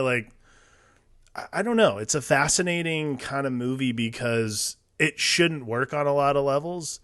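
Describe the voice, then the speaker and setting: A man musing about a film on a podcast, his tone bright and forceful at a middling pitch. He stops and restarts often and fills the gaps with likes. The mic is close and the sound dry. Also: no room sound. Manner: halting, filler-heavy, full of likes and restarts. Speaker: podcast co-host. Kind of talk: casual film discussion.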